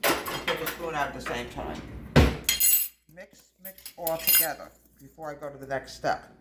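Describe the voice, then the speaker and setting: A woman's voice: deep voice, moderate pace. A woman hosting a home baking video, chatting in a homespun way, calling her viewers folks and drifting into small talk as she works. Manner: chatty and homespun, often calls the viewers "folks" and wanders off topic. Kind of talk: casual cooking demonstration. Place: home kitchen. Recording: echoey kitchen with background noise.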